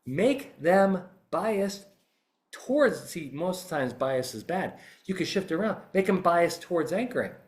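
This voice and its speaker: A man who is a litigation psychologist, giving an animated, emphatic instructional talk on a podcast. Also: high voice, measured pace.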